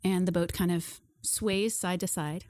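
A woman's voice: fairly low pitch, unhurried, no room sound. Woman game master narrating casually. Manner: relaxed, conversational, with "uh"s. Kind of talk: narrating a tabletop horror game.

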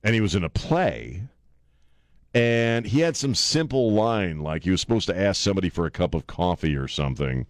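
A man with a low voice hosts a talk radio show, rambling loosely and poking fun at himself between filler words. The studio sound is close and dry, with no room echo. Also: expressive, moderate pace. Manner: loose and rambling, lots of uh fillers and self-mocking jokes. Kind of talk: casual talk radio chat. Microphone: studio microphone.

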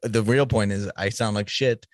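A man with a Boston accent, a comedian guest, talking bluntly in a gruff tone that sounds annoyed. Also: on the low side, fairly even intonation, moderate pace, dry recording, clean studio sound. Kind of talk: casual chat.

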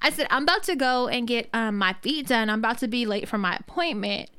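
A woman co-hosting a casual podcast chat, telling a story with lively energy and plenty of swearing. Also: fairly high pitch, brisk, clean tone. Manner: animated storyteller, swears freely. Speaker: podcast co-host.

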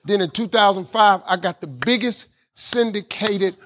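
Husky high-voiced man telling stories. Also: normal speed. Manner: animated, folksy, casual grammar. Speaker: guest speaker. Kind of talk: motivational storytelling.

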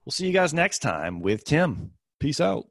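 A man's voice: fairly high pitch, sing-song, measured pace, gravelly, dry recording, clean studio sound. A man hosting a podcast, affirming his guests and steering the talk toward the next episode. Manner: upbeat, affirming interviewer. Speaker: podcast host. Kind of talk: podcast interview.

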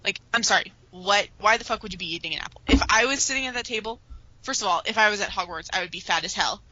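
A woman co-hosting a casual podcast, easygoing and animated when she tells a story. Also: medium pitch, fast talker, lo-fi sound. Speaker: podcast co-host. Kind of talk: casual fan podcast chat.

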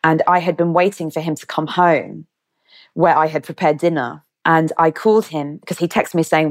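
A woman in her thirties, a guest telling a personal story in vivid detail. Her voice sits a little low. She acts out each line of dialogue as she goes. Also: moderate pace. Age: 30s. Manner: vivid, animated retelling with quoted dialogue. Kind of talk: storytelling in an interview.

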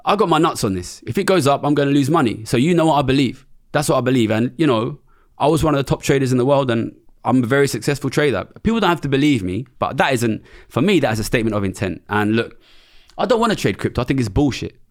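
A man's voice: mid-range voice, lively intonation, quick pace. A man, a former trader giving an interview in a blunt, passionate, sweary way. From England. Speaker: economist and former trader, guest.

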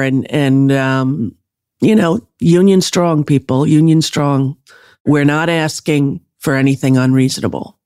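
A woman's voice: low voice, a little mellow, dry recording, studio quality. A woman hosting a podcast in casual chat, rambling with lots of fillers and restarts. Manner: enthusiastic when introducing a guest. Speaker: podcast host.

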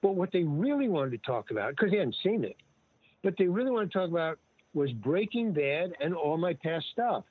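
An older man, an interview guest, telling stories in a rambling, casual way, full of restarts and lively retold dialogue. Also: fairly high pitch, normal speed, breathy edge, no echo. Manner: rambling, with many restarts and animated retelling of dialogue. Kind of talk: casual storytelling. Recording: dry, tinny phone-like line.

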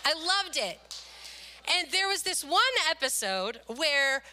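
A middle-aged woman preaching a sermon, telling a personal story in an animated, expressive way. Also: sits high, slow pace, a little hiss or hum.

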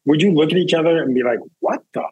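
A middle-aged man, a guest journalist, chatting quickly with laughs and side remarks. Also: on the high side, darkish tone, breathy edge, low-quality recording. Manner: quick, laughs mid-sentence, chatty asides. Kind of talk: casual chat.

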